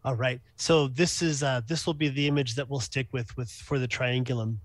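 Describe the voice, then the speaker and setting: A man's voice: medium pitch, fairly even intonation, moderate pace, no room sound. A man co-hosting an astronomy livestream, easygoing and hesitant, with many fillers. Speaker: amateur astronomer co-host. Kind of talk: casual livestream talk.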